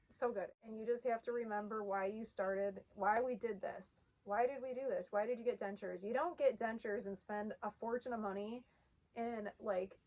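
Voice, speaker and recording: A woman's voice: medium pitch, a little mellow, poor audio. A woman in her thirties talking to camera in a heartfelt, earnest way, peppering her speech with "like" and at times tearful. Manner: earnest, heartfelt, uses "like" often. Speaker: vlogger sharing her denture journey. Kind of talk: emotional casual talk to camera.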